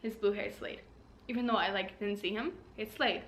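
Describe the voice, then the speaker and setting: A young woman book vlogger chatting casually, bubbly and excitable, with sudden squeals. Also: mid-range voice, a little fast, noisy background. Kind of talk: casual reading vlog.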